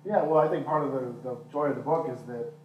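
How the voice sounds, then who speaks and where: A man's voice: mid-range voice, fast, dull audio. A male interviewer offering thoughtful, agreeable remarks in a casual talk about a novel. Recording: roomy hall from far off, faint noise.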